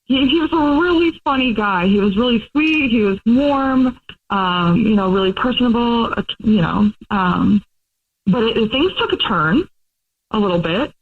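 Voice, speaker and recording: A woman's voice: on the high side, expressive, a little slow. A woman calling in to a radio show, talking casually and hesitantly with many ums and laughs. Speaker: caller. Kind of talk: casual phone chat. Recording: phone line.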